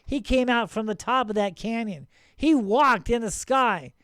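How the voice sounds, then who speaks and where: A middle-aged man hosting his own channel, talking excitedly and rambling, with many restarts and frequent "right?" checks. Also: extremely high pitch, unhurried, clean tone, dry recording, clean studio sound. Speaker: channel host. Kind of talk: casual video commentary.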